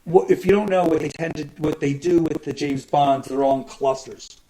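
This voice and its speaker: Male host, casual and meandering, fairly high voice, keeps clearing his throat. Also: moderate pace, mellow, low-quality recording. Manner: rambling, profane, frequent throat-clearing. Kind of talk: casual rambling monologue.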